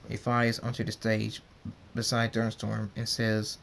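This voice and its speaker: Slow-reading man narrating a fan story. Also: on the low side, monotone, creaky, a bit bright, slight background noise. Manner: plain, slow narration with stumbles.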